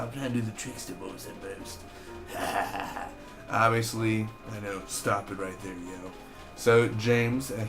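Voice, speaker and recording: A young man casually recapping and reviewing a TV episode in an excitable, chatty way, peppering his talk with "basically" and "man.". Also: mid-range voice. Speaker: TV show reviewer. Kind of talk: casual spoiler review vlog.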